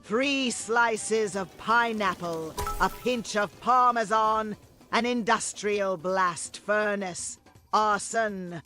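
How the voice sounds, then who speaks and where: A man voicing an old female witch who slowly croons out a recipe in a high, drawn-out voice. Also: bright, forceful tone, soft background music, heavily acted. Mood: sinister, drawn-out. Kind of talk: put-on character voice on a live stream.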